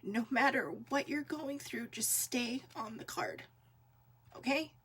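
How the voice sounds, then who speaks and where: Earnest woman giving a gentle pep talk. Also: a little high, takes it slowly, breathy edge. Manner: earnest, gentle, uplifting, with many fillers. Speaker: vlog host. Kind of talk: casual heartfelt talk to viewers.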